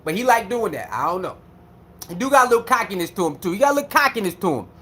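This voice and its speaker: A man with speech giving a casual, animated commentary rant, repeating himself and mocking others. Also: high-pitched, rapid-fire. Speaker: commentary streamer.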